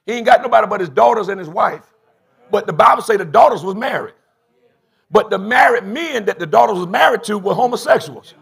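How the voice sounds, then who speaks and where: Gravelly preaching bishop, man. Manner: preaches in bursts, rising to shouts and dropping low. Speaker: bishop and pastor. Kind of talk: call-and-response sermon. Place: church sanctuary.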